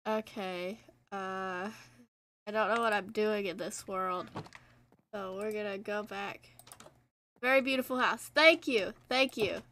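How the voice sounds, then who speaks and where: A woman's voice: medium pitch, steady tone, measured pace, long pauses, fairly bright tone. A teenage girl streaming a game, chatting casually in a rambling, self-deprecating way. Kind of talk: casual gameplay chat.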